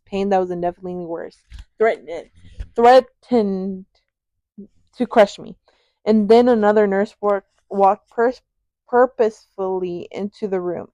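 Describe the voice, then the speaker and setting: A woman's voice: medium pitch, mellow, no echo. A young woman casually reading a novel aloud as an amateur audiobook, stumbling over words and stopping for chatty asides.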